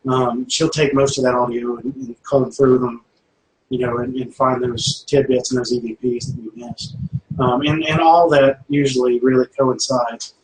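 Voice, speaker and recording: A man's voice: mid-range voice, steady tone, normal speed. A man speaking as a paranormal investigator guest in casual chat, rambling with many fillers and restarts. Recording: roomy echo, faint background noise.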